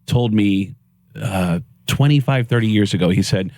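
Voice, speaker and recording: A man telling stories as a comedian guest on a morning radio show, animated and slipping into voices. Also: on the low side, normal speed, no echo, studio quality. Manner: animated, puts on voices in anecdotes. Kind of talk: casual storytelling on radio. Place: radio studio.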